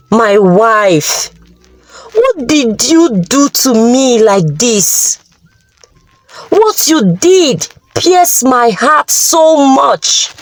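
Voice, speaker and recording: A woman's voice: high-pitched, a little mellow, full character voice. A woman voicing an angry, grieving middle-aged father, scolding and wailing.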